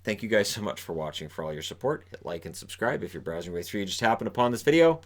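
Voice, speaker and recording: A man's voice: fairly low pitch, fast. A man talking through the day's hockey news in a loose, rambling way, often restarting his sentences. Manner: animated, rambling with repeated restarts. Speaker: hockey commentator. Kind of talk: casual news commentary.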